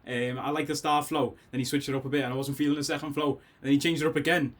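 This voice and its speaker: A man with a Scouse accent hosting a casual album reaction from his bedroom, rambling, excitable and a bit tipsy, laughing often. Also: a little high, very fast. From Liverpool, England. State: tipsy after drinks. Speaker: music reaction host. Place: bedroom at home.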